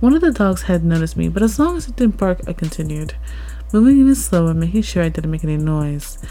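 A woman reading a first-person story aloud, expressive and rising at tense moments. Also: on the low side, quick pace. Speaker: story narrator. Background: faint background music.

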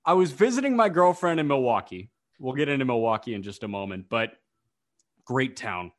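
A young man co-hosting a casual sports podcast, telling stories in an animated, ranting way. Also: medium pitch, brisk. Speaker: podcast co-host.

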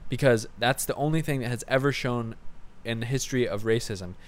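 A young man co-hosting a comedy podcast, delivering sarcastic rants in a deadpan manner with occasional swearing. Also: medium pitch, fairly quick. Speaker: podcast co-host. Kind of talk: satirical comedy podcast banter.

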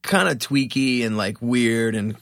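A man from Philadelphia, a musician guest on a podcast, telling a story in an animated, profane, self-mocking way. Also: medium pitch, unhurried, vocal fry, dry recording, clean studio sound.

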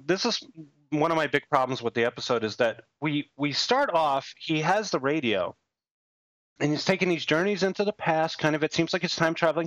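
A man's voice: fairly high pitch, animated, fairly quick, fairly bright tone, dry recording, muffled recording. A man co-hosting a podcast in casual chat, rambling and self-mocking with frequent chuckles. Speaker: podcast co-host.

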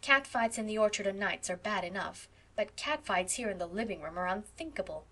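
A woman's voice: mid-range voice, lively intonation, brisk, bright, forceful tone. A woman reading aloud and voicing a practical young woman student with a teasing, wry way of talking, in an audiobook. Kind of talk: audiobook character voice.

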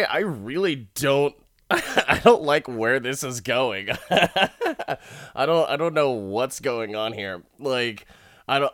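A man's voice: mid-range voice, a bit bright, dry recording, studio quality. A man casually recapping an episode with heavy swearing and frequent laughter. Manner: profane, laughs often while talking. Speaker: show recap host.

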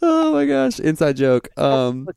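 A man in his thirties co-hosting a podcast, chatting playfully with quick interjections. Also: fairly high pitch, wildly swooping pitch, gravelly, a little mellow, clean tone, no echo, studio quality. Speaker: podcast co-host. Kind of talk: casual chat.

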